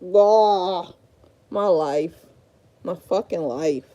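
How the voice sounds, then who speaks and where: Slow-talking thirtysomething woman cussing and rambling on a live stream, mellow kinda high voice. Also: dull audio. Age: 30s. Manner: profane, frazzled and rambling; talks to herself while sorting a room. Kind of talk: casual livestream chat.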